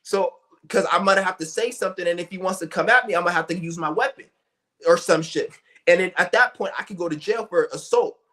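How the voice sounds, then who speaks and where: A man's voice: high-pitched, fast talker, sharp tone. A young man talking in a blunt, profane, rambling rant, full of restarts and fillers. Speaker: streamer. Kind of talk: ranting monologue.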